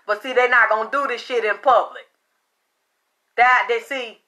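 A woman's voice: fairly high pitch, fairly even intonation, normal speed, pushed and bright. A woman giving a casual tarot card reading, chatty and profane, often breaking into laughter. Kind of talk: casual spiritual reading monologue.

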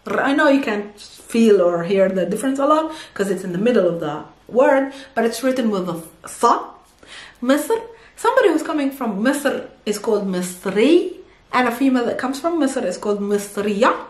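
A woman's voice: fairly high pitch, big pitch swings, normal speed. A woman teaching Arabic in a casual, playful lesson, asking herself questions and answering them; Arabic is her first language. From Holy Land. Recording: roomy echo.

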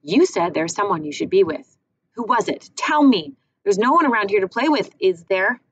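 A woman's voice: fairly low pitch, animated, moderate pace, breathy edge. A woman voicing a bored, bossy older sister who presses and needles her brother. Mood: insistent. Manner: insistent, needling. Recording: muffled with faint hiss.

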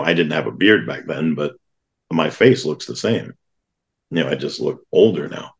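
A man, a guest on an interview podcast, telling a personal story with lively acted-out quotes of other people. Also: extremely low pitch, creaky. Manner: animated storyteller who acts out quoted voices.

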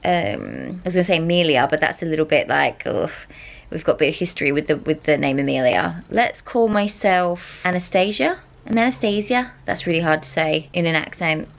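A woman's voice: sits low, lively intonation, a little fast, vocal fry. A young Australian woman chatting casually to camera in a bubbly, giggly way from a small indoor room. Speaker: vlogger. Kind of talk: casual vlog chat.

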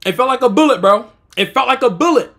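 High, bright, animated young man. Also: quick pace. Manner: excitable, shouting and laughing. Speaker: streamer. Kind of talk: animated storytelling.

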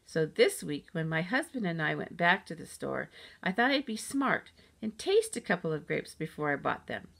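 A woman voicing a kind, soft-spoken schoolteacher who talks in a measured way. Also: low-pitched, very animated, gravelly, full character voice. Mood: gentle.

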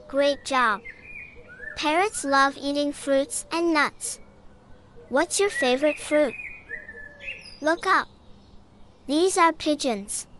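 Slight background noise accompanies a high-voiced woman narrating a scripted children's lesson. Her delivery is cheerful and encouraging, and she keeps asking the listener to take part.

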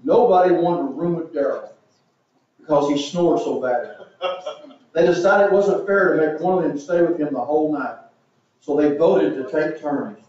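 A man's voice: fairly high pitch, normal speed, darkish tone. A man preaching a sermon as pastor, telling jokes with the congregation laughing, then reading scripture aloud. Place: church sanctuary. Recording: echoey church room, distant mic, dull sound.

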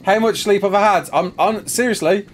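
A sleep-deprived gaming streamer chats casually and rambles, fielding viewer questions as he plays live. He has a high voice, speaks at a normal speed, and there's slight background noise.

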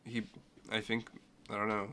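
A man's voice: fairly low pitch, completely flat delivery, moderate pace, pushed and bright, slight background noise. Joking male streamer reading chat. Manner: joking, reads chat aloud. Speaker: streamer host.

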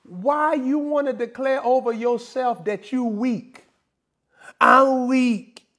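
High-voiced, slow-talking teasing preacher man. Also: a little mellow. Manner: playful, teasing, full of mock scolding. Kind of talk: comedic preaching.

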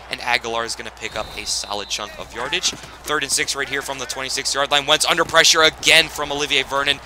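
A young man narrating a football video game in casual play-by-play style, getting excitable on big plays. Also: mid-range voice, background noise. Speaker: gaming channel host.

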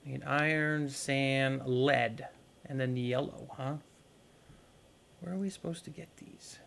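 A man's voice: medium pitch, fairly even intonation, takes it slowly, vocal fry, a bit bright, slight background noise. A young man casually commenting on his gameplay, rambling and talking to viewers as he plays. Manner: rambling, talks to viewers while playing. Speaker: gaming YouTuber. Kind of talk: casual let's-play commentary.

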